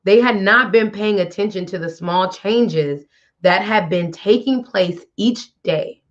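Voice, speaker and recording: A woman's voice: medium pitch, a little slow, dull audio. A woman hosting a wellness show, talking bluntly and casually straight to the listener. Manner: blunt, chatty, addresses listener directly. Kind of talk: casual motivational talk.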